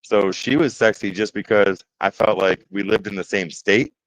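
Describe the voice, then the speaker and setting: A man's voice: lowish voice, fairly even intonation, normal speed, rough recording. A man from the Detroit area, hosting a casual woodworking livestream, joking, reading chat comments aloud and voicing his nerves as he works. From Detroit area, Michigan. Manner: chatty, joking, reads chat aloud, nervous exclamations. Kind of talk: casual live-stream chat.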